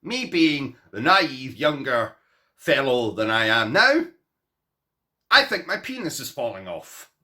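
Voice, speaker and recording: Man, vlogger, comic storytelling, self-mocking, lively pitch. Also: slow pace. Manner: animated, self-mocking, rambling with asides. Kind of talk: comic personal storytelling to camera.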